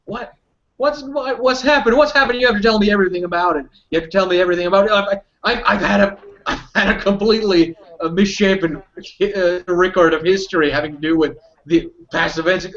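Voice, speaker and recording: A male werewolf yelps and stammers over his words, climbing to a high pitch, as a man puts him on. The werewolf repeats himself in a rush and tumbles from one question to the next. The audio is muffled and lo-fi. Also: fairly even intonation, a little slow, long pauses, close to an everyday voice. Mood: overjoyed. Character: overjoyed male werewolf, yelping and emotional.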